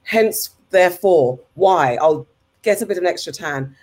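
A woman's voice: fairly low pitch, animated, darkish tone. A woman in a casual chat, making emphatic, opinionated points. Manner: rapid, emphatic opinionated talk.

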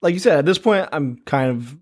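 Lively, higher-pitched man co-hosting. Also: fairly quick. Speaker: podcast co-host. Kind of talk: casual chat.

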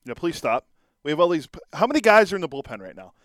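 Fast-talking sports talk co-host. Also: male voice, a little high, very animated, fairly bright tone, dry recording, clean studio sound. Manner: quick, agreeable, chatty.

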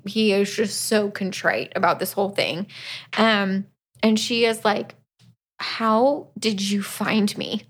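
Chatty woman recapping a book. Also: mid-range voice. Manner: chatty, acts out quotes from the book. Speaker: podcast co-host.

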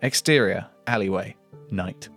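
A man's voice: fairly low pitch, a little slow, a bit bright, soft background music. A man co-hosting a comedy podcast, reading an AI-written script aloud and tripping over its awkward phrasing. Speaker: podcast co-host.

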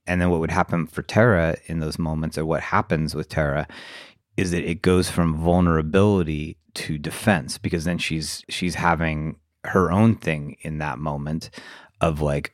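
Low voiced guy on a podcast, thinking out loud, lots of likes and you knows, dry sound. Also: dry recording. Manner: reflective, halting with many fillers. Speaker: podcast co-host. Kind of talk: casual podcast chat.

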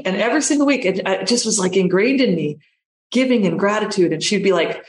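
A woman's voice: mid-range voice, expressive, brisk, echoey room. A woman guest telling a personal story in conversation, speaking emphatically and repeating phrases for effect.

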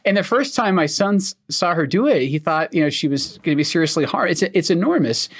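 Scottish guy, light accent, a bit high-pitched, dry wry podcast chat. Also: animated, brisk. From Scotland. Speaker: oncologist co-host.

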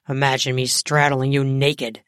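Woman doing a low, commanding seductive man. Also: level tone, unhurried, fairly bright tone, dry recording, studio quality. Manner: firm, smooth, commanding. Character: confident seductive adult man playing Santa.

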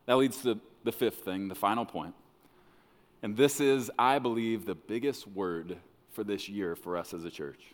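A man preaching a sermon as pastor, dramatic, swinging between loud bursts and hushed lines. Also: on the low side, normal speed. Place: church hall. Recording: long reverb of a large hall.

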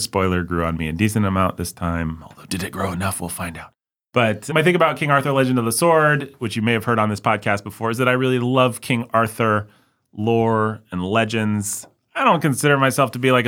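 A man hosting a podcast in casual chat, rambling and animated, jumping between voices as he talks. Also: low-pitched. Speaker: podcast host.

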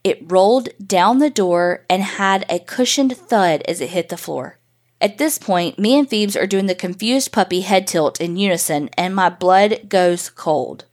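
A woman's voice: mid-range voice, a little slow, darkish tone. Casual, profane woman telling a spooky story. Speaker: podcast host reading a listener story. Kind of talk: first-person story reading.

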